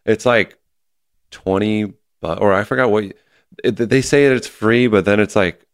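A man's voice: on the low side, normal speed, smooth, no room sound, clean studio sound. A young man telling a story in casual chat, laid-back and swearing often.

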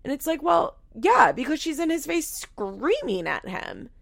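Young female recap host with a gravelly edge, talking frankly and casually. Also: high-pitched, very animated, unhurried, a bit bright. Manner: frank, swears freely, many "like"s. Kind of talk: casual opinionated commentary.

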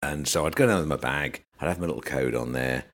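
A man's voice: very deep voice, quick pace. A middle-aged man with an English accent, telling old work stories on a podcast and acting out the voices of the people in them. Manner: animated anecdotes, acts out voices. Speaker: podcast guest. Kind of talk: casual storytelling chat.

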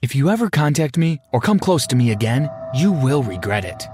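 A man's voice: medium pitch, sing-song, brisk, a little mellow, voice pushed up, lightly acted. A man voicing a cold, threatening young rich woman in a narrated story. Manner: icy and menacing. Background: background music.

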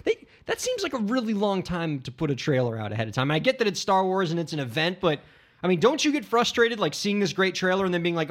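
A man co-hosting a podcast in an easy, bantering way. His pitch sits a little high and moves around a lot as he explains and jokes. He comes across as chatty and relaxed. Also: quick pace. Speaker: podcast co-host. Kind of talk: casual podcast chat.

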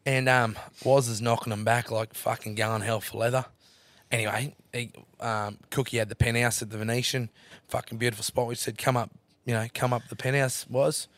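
A man's voice: mid-range voice, moderate pace. A man telling a long wild story as a podcast guest, swearing freely and acting out what everyone said. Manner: animated yarn-teller, swears freely, acts out others' lines. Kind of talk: casual storytelling chat.

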